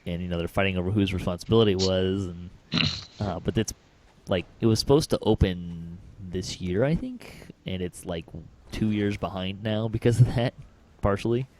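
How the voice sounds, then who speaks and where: A man's voice: sits low, normal speed, darkish tone, a little hiss or hum. A man hosting a podcast, chatting casually and telling stories with many fillers and small chuckles. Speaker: podcast host. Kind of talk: casual chat.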